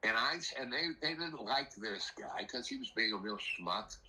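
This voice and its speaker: An older man telling a rambling personal story in a casual, animated way, acting out the voices of the people in it. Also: mid-range voice, moderate pace, low-quality recording. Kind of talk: casual spoken anecdote.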